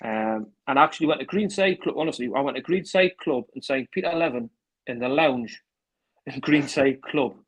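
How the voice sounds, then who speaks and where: A man with a North East English accent telling rambling football anecdotes, acting out old phone calls with a steady run of "I says". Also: mid-range voice, normal speed, husky, rough recording. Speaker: interview guest, former club manager.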